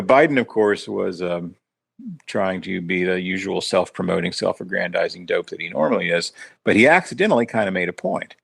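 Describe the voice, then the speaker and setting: Deep, gravelly male podcast co-host, slightly husky, halting delivery with dry sardonic jabs. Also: no echo. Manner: measured, hesitant, with many ums and sardonic asides. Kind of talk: casual political discussion.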